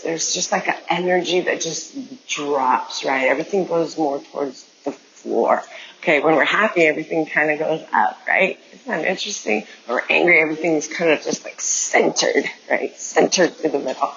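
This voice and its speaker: Counting out the beats, a dance instructor coaches movement step by step in an online class. Her voice sits low and creaky with a slightly bright edge, moving at a moderate pace, and the recording has cut-off highs and a little hiss or hum.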